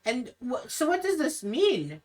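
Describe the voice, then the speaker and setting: A woman's voice: high-pitched, very animated, measured pace, a little mellow, far from the mic, pitched above the performer's own voice. A woman voicing a torn, questioning young woman who speaks in a pleading, emotional way. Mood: distraught.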